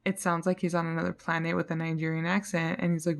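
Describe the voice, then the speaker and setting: A woman's voice: on the low side, flat delivery, fast, gravelly. A woman talking frankly and a little frustrated in a casual vlog, rambling and sometimes dropping almost to a whisper, tired. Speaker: vlogger.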